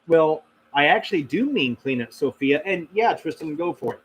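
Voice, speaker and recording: A man's voice: on the high side, animated, moderate pace, husky, rough recording. Rambling, reflective man answering viewer questions. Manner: rambling, reflective, many fillers and restarts. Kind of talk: casual livestream Q&A.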